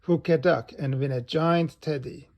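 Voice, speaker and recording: Chirpy rabbit shop lady calling out her stall, high and gravelly, as a man puts her on. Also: steady tone, a little slow, a little mellow. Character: chirpy grown-up rabbit shopkeeper woman.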